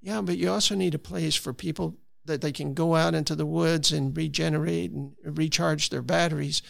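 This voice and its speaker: A man's voice: fairly high pitch, steady tone, normal speed, creaky, a bit bright, dry recording, clean studio sound. A man from Florida, a conservation advocate, telling stories earnestly in a conversational interview with frequent restarts. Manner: earnest, storytelling with many restarts.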